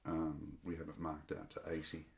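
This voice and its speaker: Calm deep-voiced man from Ireland. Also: normal speed, creaky, echoey room, slight background noise. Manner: calm, brief replies and steady advice. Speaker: archery range owner, podcast guest. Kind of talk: casual chat.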